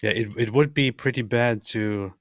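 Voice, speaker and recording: A man's voice: mid-range voice, normal speed, no room sound, studio quality. A man co-hosting a casual livestream with a laid-back, joking manner. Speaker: co-host.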